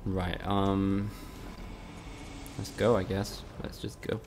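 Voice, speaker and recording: A man's voice: low voice, flat delivery, slow pace, darkish tone, a little hiss or hum. A man from the UK, streaming a game live and trading teasing, sweary banter with his chat. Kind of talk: casual live-stream commentary.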